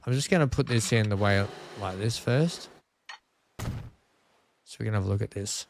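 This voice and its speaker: A man's voice: on the low side, a little slow, background noise. An Australian man casually commentating while live-streaming a building game, chatting with viewers and grumbling at his track. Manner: chatty, talks to chat, self-mocking frustration. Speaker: gaming streamer. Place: home room.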